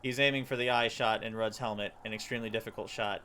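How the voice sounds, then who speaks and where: A man's voice: on the low side, fast, heavy background noise. Man streamer reading game text aloud. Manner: animated reading with stumbles and laughs.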